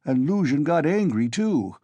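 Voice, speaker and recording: A man's voice: a little high, sing-song, moderate pace, warm tone, no room sound, pitched above the performer's own voice. A man voicing a tipsy, blustering young male friend in an audiobook reading. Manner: blustering, roaring.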